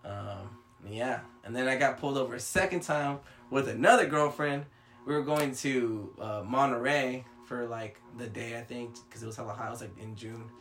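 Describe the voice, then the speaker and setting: A young man, telling a story in casual chat, animated and swearing a lot. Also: mid-range voice, normal speed, faint music behind.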